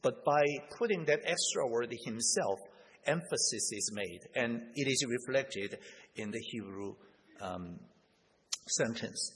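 A man with a husky voice gives an expository Bible teaching. He speaks slowly and deliberately and leans on key words. His voice rings with the long reverb of a large hall. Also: medium pitch, lively intonation, fairly bright tone. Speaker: preacher.

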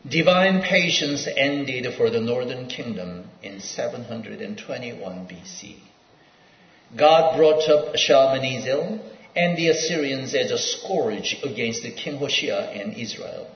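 A male preacher giving a sermon, reading scripture aloud in an emphatic, pausing delivery. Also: medium pitch, expressive, a little hiss or hum. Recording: dull echoey hall sound.

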